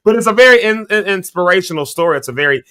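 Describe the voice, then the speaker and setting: A man's voice: high voice, lively intonation, very fast, sharp tone, clear, resonant tone. A man co-hosting a morning talk show, chatting casually, laughing often and teasing his co-hosts as he tells a story. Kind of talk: casual chat.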